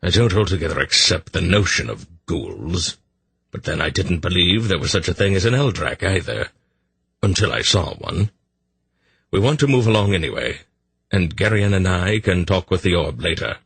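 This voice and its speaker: A man's voice: low voice, sing-song, normal speed, vocal fry, fairly bright tone, slightly rough, no echo, heavily acted. A man voicing a sceptical old male sorcerer in an audiobook, speaking dryly. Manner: dry and sceptical.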